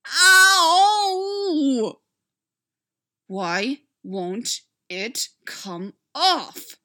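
A woman's voice: very high voice, big pitch swings, a little slow, sharp tone, voice pushed up, full character voice. A woman reading fan fiction aloud, voicing a fussy man detective who yelps and whimpers. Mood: whimpering.

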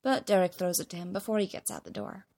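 A woman reading fan fiction aloud, narrating with wry, expressive emphasis. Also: fairly low pitch, fast talker, gravelly.

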